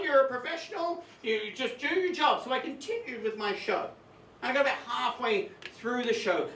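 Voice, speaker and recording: Bright, high-voiced male stand-up comic. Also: a little hiss or hum. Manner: animated, swearing comic storytelling. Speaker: stand-up comedian. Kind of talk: live stand-up storytelling. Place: comedy club stage with audience. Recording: echoey club room, distant mic.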